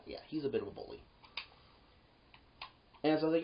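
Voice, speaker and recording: A security guard telling a workplace story in a casual monologue. The voice swings up when heated and drops low for asides. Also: huge pitch swings, a little fast, creaky, long pauses, lo-fi sound. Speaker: yard gate security guard.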